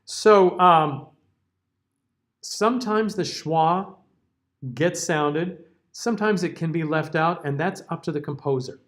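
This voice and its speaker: A middle-aged man teaching a singers' diction class. He reads out word lists slowly and keeps checking in with "okay?" and "all right?". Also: fairly high pitch. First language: English. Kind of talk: classroom lecture.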